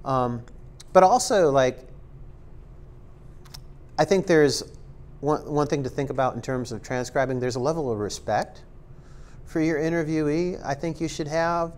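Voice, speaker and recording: A male instructor with a fairly high, slightly mellow voice gives a casual screen-recorded tutorial, speaking a little slowly with long pauses. He rambles, leans heavily on ums and likes, and drops self-aware, joking asides.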